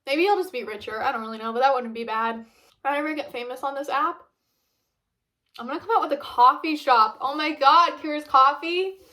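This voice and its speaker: A woman's voice: high voice, a little fast, sharp tone. A young woman vlogging casually, rambling chattily with lots of fillers while reviewing food.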